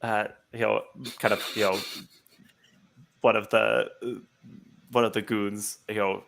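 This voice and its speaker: A man's voice: on the low side, little pitch movement, unhurried, creaky, a bit bright. A man narrating as game master over a video call, rambling with lots of fillers. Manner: rambling, heavy with fillers like "like" and "you know".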